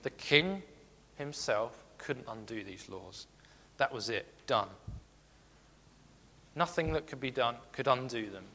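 A man preaching a sermon in a hall with a long, ringing reverb. His voice sits at an ordinary middle pitch, and he talks earnestly, repeating key phrases and reading scripture aloud between his points. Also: expressive, slow, sharp tone.

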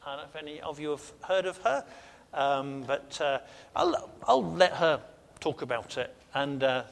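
A man's voice: fairly high pitch, animated, normal speed, creaky, long reverb tail, a little hiss or hum. A man leading a sermon, earnest and emphatic, asking the congregation questions and repeating phrases for stress. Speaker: pastor.

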